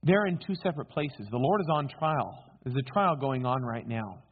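Husky-voiced preacher on a tinny line. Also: male voice, medium pitch, lively intonation, moderate pace. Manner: dramatic, rhetorical questions to listeners. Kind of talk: sermon. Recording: tinny phone-like sound.

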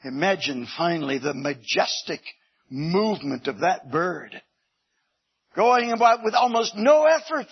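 High-voiced, husky male preacher. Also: takes it slowly, highs cut off. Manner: animated storytelling, bursts into shouts. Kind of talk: sermon.

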